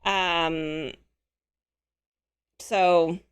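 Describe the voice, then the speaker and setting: A chatty woman streamer with a slightly hoarse voice talks easily to her viewers, reading and answering their messages as she goes. Her pitch rises and falls a lot. She keeps a friendly, casual tone throughout. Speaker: live-stream host.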